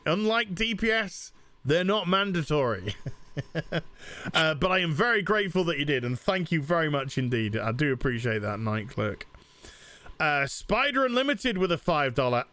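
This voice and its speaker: A man's voice: fairly high pitch, big pitch swings, normal speed, bright, forceful tone, no echo. A man with an English accent chatting casually on a game live stream, reading out donations and rambling with lots of fillers and restarts. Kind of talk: casual live-stream chat while playing. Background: game music.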